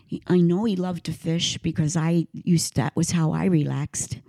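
A woman singer being interviewed, telling lively anecdotes with many halting restarts. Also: lowish voice, creaky, dry recording. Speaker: guest singer. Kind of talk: casual interview storytelling.

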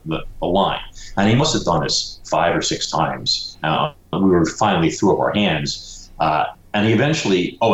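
Man, very deep voice, author guest, animated storyteller, casual "you know" habit, echoey room. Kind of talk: storytelling in a conversational interview.

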